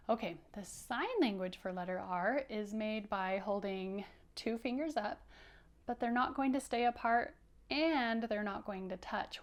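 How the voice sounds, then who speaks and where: Woman teacher reading a picture book to kids, slow and encouraging. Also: medium pitch. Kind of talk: children's read-aloud lesson.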